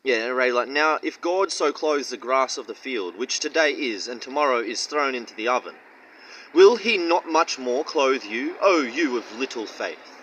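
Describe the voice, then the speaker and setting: A man's voice: medium pitch, animated, normal speed, fairly bright tone, slight background noise, rough recording. A man giving casual Bible teaching in a blunt, profane, mocking way and rambling slang. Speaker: street-style preacher.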